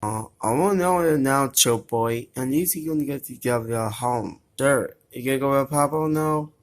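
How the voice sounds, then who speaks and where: A person narrating toy play-acting in a rambling, halting way. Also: mid-range voice.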